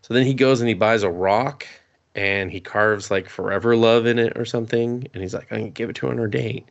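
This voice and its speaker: A man with a somewhat low voice, chatting on a podcast. He rambles through a story, laughs often and slips into quick voices for the characters, swearing freely. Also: steady tone, gravelly, dull audio. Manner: rambling, laughing, acting out characters' lines with profanity. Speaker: podcast co-host. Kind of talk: casual chat, recapping an anime.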